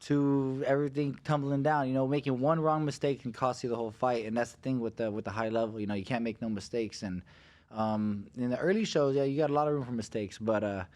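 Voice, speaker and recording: A man's voice: mid-range voice, quick pace. A man in his thirties, a guest fighter, telling a story in casual podcast chat and acting out the voices of people in it. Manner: animated storyteller, acts out voices.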